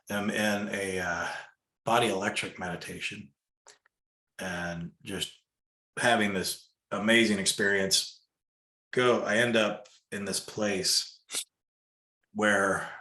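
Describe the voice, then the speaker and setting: A man softly telling a personal story in a reflective, casual way, with frequent fillers. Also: fairly low pitch, fairly even intonation, takes it slowly, pauses often, reverberant. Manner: soft-spoken, reflective, lots of fillers.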